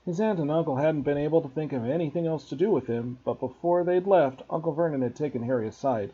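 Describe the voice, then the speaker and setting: Man reading a story aloud to a class, expressive, husky voice, muffled lo-fi sound. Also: a little high, fast talker, few pauses. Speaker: teacher reading to students. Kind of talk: storybook read-aloud narration.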